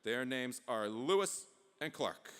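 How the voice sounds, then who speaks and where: A man's voice: mid-range voice, animated, slow, a bit bright, clean tone. A man voicing a confident, proud President Thomas Jefferson who speaks in a firm, reassuring way. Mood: assured. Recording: long hall reverb.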